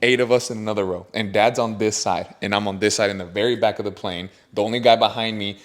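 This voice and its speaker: A young adult man hosting a podcast, telling a story in casual chat with an animated, slangy manner full of bro and dude. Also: on the low side, quick pace. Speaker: podcast host.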